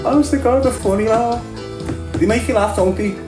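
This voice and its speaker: A man's voice: very high-pitched, brisk. A middle-aged man with a Scouse accent hosting a casual livestream rant in streetwise, mocking banter, often laughing. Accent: Scouse (Liverpool). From Liverpool area, England. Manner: mocking, streetwise banter, frequent laughter, calls everyone "lad". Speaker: livestream host. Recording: roomy echo with faint music.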